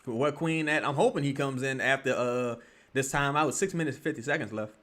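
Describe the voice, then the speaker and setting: A man livestreaming his reaction to a basketball game, talking casually with lots of profanity, muttering one moment and yelling the next. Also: mid-range voice, fairly quick. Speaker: streamer reacting to a live game.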